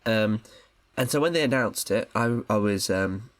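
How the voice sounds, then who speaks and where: A man's voice: fairly low pitch, measured pace, dry recording. A man co-hosting a film podcast, chatting casually and rambling with lots of fillers. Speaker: podcast co-host.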